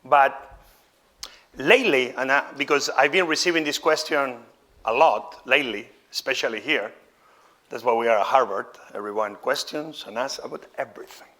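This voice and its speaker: A chef whose first language isn't English gives a live cooking demonstration lecture, exclaiming with showman flair, then turning candid and chatty. His mid-range voice has a sharp tone and moves at normal speed.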